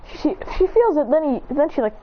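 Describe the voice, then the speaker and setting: A woman's voice: high voice, big pitch swings, fairly quick, highs cut off, slight background noise. A woman retelling a fan story in a breathless, run-on way with sound effects.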